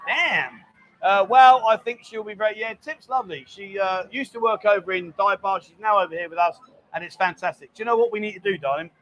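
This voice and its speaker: A man's voice: high voice, fast talker, a bit bright. A man hosting a casual livestream from a bar, teasing his guest and reading viewer comments aloud. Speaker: bar show host.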